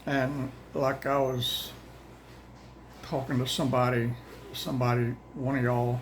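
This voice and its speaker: A man's voice: medium pitch, level tone, a little hiss or hum, low-quality recording. An older man, chatting casually and rambling to viewers about a daily Bible reading plan, a little out of breath. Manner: folksy, plain-spoken, says y'all; rambling, halting, restarts often.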